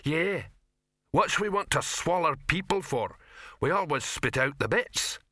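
A man voicing a blunt, gruff male troll with plain, rough speech. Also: on the high side, expressive, unhurried, pushed and bright, dry recording, clean studio sound, voice pushed up, exaggerated voice.

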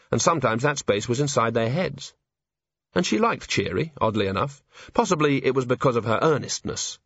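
Brief: male audiobook narrator, husky, dry close sound, slightly dull recording. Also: mid-range voice, a bit bright, dry recording. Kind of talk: scripted narration.

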